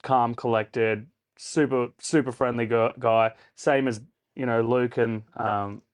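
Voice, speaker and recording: A man hosts a casual live-stream chat in an upbeat way. He hands out shout-outs and thinks aloud, and his voice sits at an ordinary middle pitch. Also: steady tone, takes it slowly, smooth. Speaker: host.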